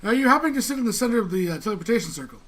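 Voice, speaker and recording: A man's voice: high voice, sing-song, rapid-fire, fairly bright tone, voice pushed up. A man voicing a polite, patient male teleportation mage in a tabletop game, courteous and reassuring. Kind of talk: in-character tabletop role-play.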